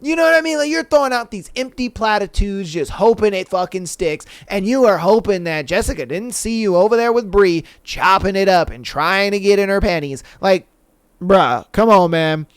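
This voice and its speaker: A man's voice: high-pitched, animated, moderate pace, smooth, dry recording. A man hosting a podcast, giving a casual, profane, slang-heavy recap and mimicking the people he talks about. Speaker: podcast host.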